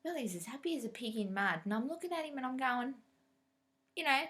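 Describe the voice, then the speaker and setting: A woman's voice: sits high, lively intonation, a little fast, a bit bright. A woman vlogging about cross-stitch in a casual, chatty way, telling stories animatedly, laughing often and acting out what people said.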